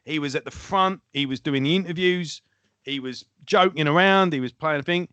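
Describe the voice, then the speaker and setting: A man's voice: on the high side, normal speed, sharp tone, smooth, no echo, highs cut off. Man, rambling podcast co-host, dry close sound, casual chat. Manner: rambling, loses his train of thought.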